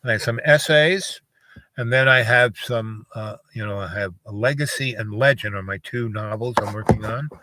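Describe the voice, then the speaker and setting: A man's voice: lowish voice, moderate pace, pushed and bright. A man telling a long, meandering story in a casual monologue, full of fillers and side remarks. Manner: meandering, many fillers and asides. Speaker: vlogger. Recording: noisy with clicks.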